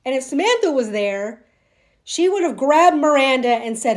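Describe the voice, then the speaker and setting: High-voiced indignant woman vlogger. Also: normal speed. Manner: indignant, emphatic, animated reenactments. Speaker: TV commentary vlogger. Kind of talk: casual opinion vlog.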